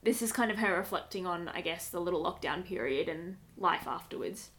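A woman's voice: lowish voice, animated, a little fast, a bit bright. Chatty woman podcast co-host. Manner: chatty, laughing, many fillers. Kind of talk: casual chat.

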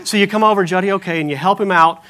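A man preaching a sermon as pastor, telling animated stories with self-deprecating humor. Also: high voice, very fast.

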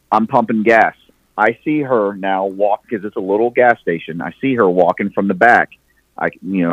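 A man's voice: lowish voice, no room sound, highs cut off. A man guest on a podcast telling a long story casually, profane and restarting often.

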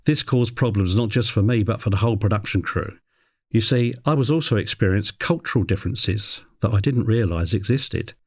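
An animal handler tells a personal work anecdote in a dry, wry storytelling style, his voice darkish with no room sound. At points he imitates a parrot in a high voice.

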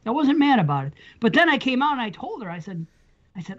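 A man's voice: extremely high pitch, quick pace. A middle-aged man telling a long, profane story in casual podcast chat. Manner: rambling, profane, animated storyteller. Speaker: podcast co-host. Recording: dull lo-fi sound.

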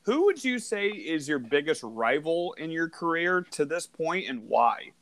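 A man's voice: fairly high pitch, big pitch swings, measured pace, a bit bright. A man co-hosting a podcast, asking questions and talking eagerly about wrestling. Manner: enthusiastic wrestling fan talk. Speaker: podcast co-host. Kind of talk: casual podcast chat.

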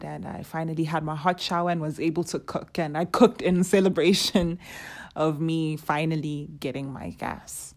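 Lower-pitched woman storyteller. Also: moderate pace. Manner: animated, acts out quoted dialogue, laughs often. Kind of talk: casual personal storytelling.

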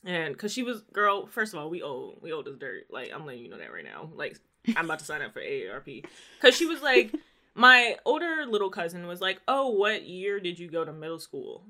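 A young woman in her twenties with a bright, forceful voice, chatting casually with a friend. She tells stories with animation and slips into the voices of the people she quotes. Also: lowish voice, big pitch swings, a little fast. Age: 20s. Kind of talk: casual chat.

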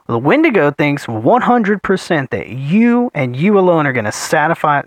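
Animated, dramatic male podcast co-host. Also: mid-range voice, dry recording. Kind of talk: casual podcast chat.

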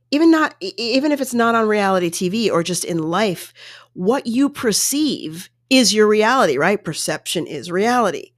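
Woman, casual monologue, lively ups and downs, dry close sound, exasperated retelling. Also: medium pitch, dry recording. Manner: animated, exasperated retelling with quoted voices.

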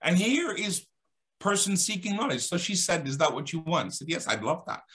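On an Islamic talk show, a male guest with a high-pitched, bright, forceful voice speaks a bit quickly. His storytelling is lively and dramatic, with emphasis that swells and drops.

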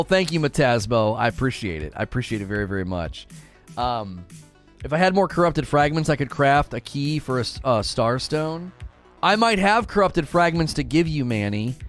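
A man streaming a game, chatting casually with viewers, reading their messages aloud and often restarting his sentences. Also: medium pitch. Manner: animated, restarts often, reads chat aloud. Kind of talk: casual live-stream chat while gaming.

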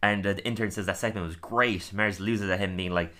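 A man co-hosting a podcast, chatty and quick to laugh, leaning on "like" as he recaps. His voice sits fairly low but has a bright, forward edge. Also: fairly even intonation. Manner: chatty, laughs often, fills with "like". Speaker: podcast co-host. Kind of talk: casual episode recap.

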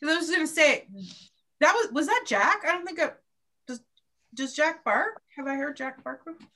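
A bright-voiced woman co-hosting a podcast, her tone clear and sharp. She chats casually and playfully, laughing often, in a slightly high voice. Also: lively intonation, moderate pace. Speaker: podcast co-host, doula. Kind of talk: casual chat.

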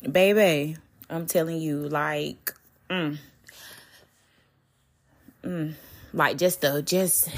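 A young woman hosts her solo podcast in a candid, animated way. Her speaking voice sits a little lower than most women's. She talks in slang and curses freely as she confides in her listeners. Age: young adult. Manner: talks straight to listeners, often asking "you hear me?". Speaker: podcast host. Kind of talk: casual solo podcast talk.

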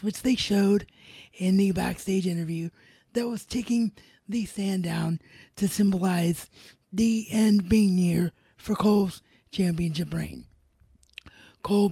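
A woman with a soft, warm, slightly husky voice gives a casual recap of a wrestling show. She relays what each wrestler said in her own plain voice rather than acting it out. The recording is dry and close, with no room sound. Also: medium pitch, no room sound. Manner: retells events and quotes in her own voice.

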